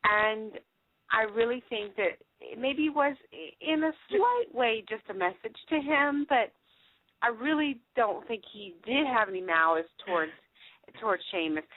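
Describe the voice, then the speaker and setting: A woman co-hosting a casual talk show, giving lively, opinionated takes. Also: a little high, dry recording. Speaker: co-producer and co-host. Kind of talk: casual chat. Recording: tinny phone-line sound.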